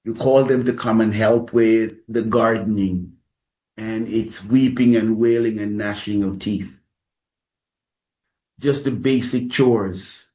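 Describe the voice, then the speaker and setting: A man preaching a sermon as a pastor, speaking deliberately and calling his listeners beloved. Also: fairly low pitch, fairly even intonation, a little mellow.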